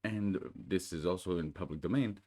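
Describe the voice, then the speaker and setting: Low-voiced, soothing male storyteller. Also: darkish tone. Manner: soothing, unhurried, calls his voice sonorous. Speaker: channel host. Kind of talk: casual chat, then storybook reading.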